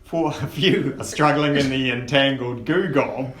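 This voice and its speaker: Slow-talking male dungeon master. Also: medium pitch. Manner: unhurried and descriptive, with frequent fillers. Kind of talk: tabletop game narration. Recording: roomy echo with faint noise.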